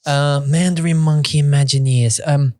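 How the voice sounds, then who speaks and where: A man's voice: on the high side, steady tone, moderate pace, darkish tone. A man from England, co-hosting a casual bilingual podcast and chatting loosely, now and then trying out voices. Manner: chatty, does playful accent impressions. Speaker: podcast co-host. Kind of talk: casual chat.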